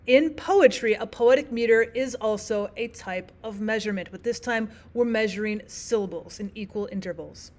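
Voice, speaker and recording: Woman, teacher, recorded lesson, methodical, repeats key points, slightly high voice. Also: normal speed, few pauses, a little mellow. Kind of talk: explaining poetic meter in a recorded lesson.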